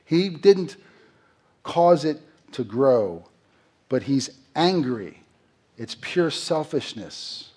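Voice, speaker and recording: A man's voice: on the high side, sing-song, very slow, a little mellow, husky. A middle-aged man preaching a sermon in a conversational way, asking the congregation questions and acting out quotes. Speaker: pastor.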